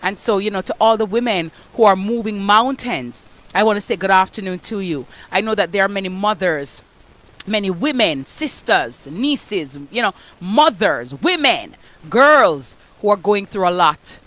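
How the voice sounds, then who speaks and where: A woman's voice: mid-range voice, expressive, normal speed. Emphatic Jamaican woman preaching empowerment. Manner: forceful, emphatic, mixes patois into her speech. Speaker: radio host, guest speaker. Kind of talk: motivational preaching.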